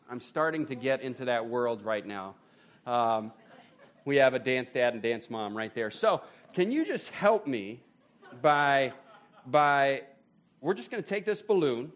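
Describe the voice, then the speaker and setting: A man pastor preaching a sermon in a church, telling the story with animated bursts of excitement. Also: mid-range voice, measured pace. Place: church sanctuary.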